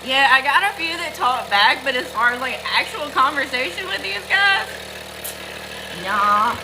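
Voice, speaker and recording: Chatty Southern woman, high voice. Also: animated, a little slow. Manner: chatty, greets viewers by name, folksy. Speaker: livestream host. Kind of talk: casual livestream chat. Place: farm, milking goats. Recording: noisy with machine hum. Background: milking machine running.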